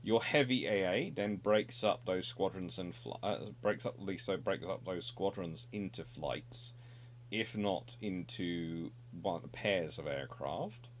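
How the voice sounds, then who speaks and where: A man's voice: low voice, measured pace, a little hiss or hum. A middle-aged man presenting naval history in an unscripted, discursive explanatory monologue. He corrects himself often and adds wry asides.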